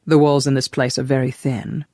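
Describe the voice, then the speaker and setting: A narrator voicing a spirited young woman, disguised as a boy, who talks in a quick, teasing and emphatic way. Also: medium pitch, flat delivery, mellow, no room sound, clean studio sound, lightly acted.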